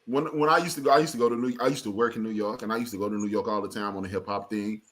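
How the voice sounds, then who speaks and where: A man's voice: lowish voice, steady tone, very fast, a bit bright. A man who is a podcast guest in casual chat, talking in an emphatic, argumentative, slangy way.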